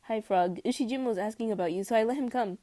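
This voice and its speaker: A woman's voice: on the high side, quick pace, mellow, no echo, lightly acted. A woman voicing a playful, cheerful teenage boy in a fanfic reading, bouncy and close to giggling.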